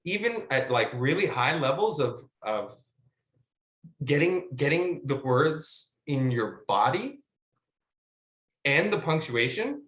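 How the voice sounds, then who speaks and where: Animated rambling male actor, roomy echo. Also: a little high, slow pace, pauses often. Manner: animated, rambling storyteller with filler words and profanity. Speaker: guest actor. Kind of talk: casual conversational teaching.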